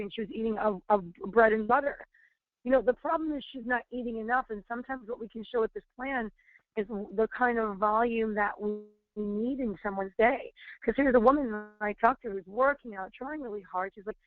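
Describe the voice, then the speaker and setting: A woman's voice: fairly high pitch, fairly quick, no room sound. A woman in her thirties giving a webinar talk as a wellness trainer, telling stories in a chatty way with many fillers and restarts. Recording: tinny phone-line audio.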